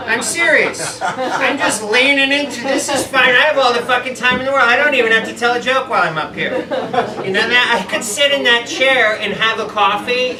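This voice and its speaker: A man doing a rambling, self-deprecating stand-up set in a bar, ad-libbing through the trouble. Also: extremely high pitch. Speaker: stand-up comedian. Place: bar comedy room. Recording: echoey room, mic far off.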